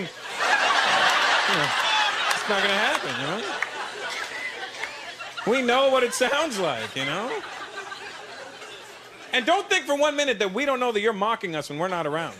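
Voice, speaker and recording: Male stand-up comic, higher voice, animated and confiding, working the room on a noisy live recording. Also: normal speed, long pauses. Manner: animated, confiding, riffing with the crowd. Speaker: stand-up comedian. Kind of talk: stand-up routine. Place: stage in front of a live audience. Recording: noisy played-back stand-up clip.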